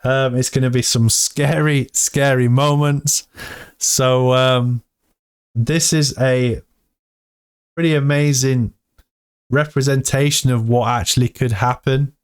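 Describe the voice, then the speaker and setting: A man giving casual, excitable commentary to his viewers while reading through a crypto AMA. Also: mid-range voice, slow pace, smooth. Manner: excitable, hyped, talks to viewers as "team". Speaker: crypto vlogger.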